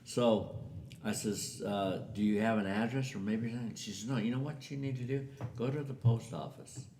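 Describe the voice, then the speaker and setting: Low gravelly older man telling a story. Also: moderate pace, slight background noise. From US Southwest. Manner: animated storyteller acting out quoted voices. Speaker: interviewee telling a family story. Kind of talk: casual storytelling. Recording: echoey room.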